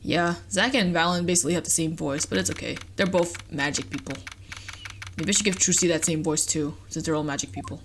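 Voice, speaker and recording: A woman's voice: sits low, a little fast, music in the background. A young woman giving playful, self-mocking commentary while playing a game. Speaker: let's play host. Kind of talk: casual gaming commentary.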